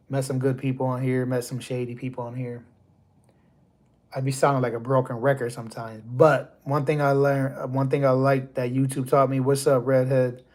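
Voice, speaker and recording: A man's voice: medium pitch, a little mellow. A man from the United States hosting a live stream, talking to his chat in a loose, rambling, conversational way. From USA. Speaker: livestream host.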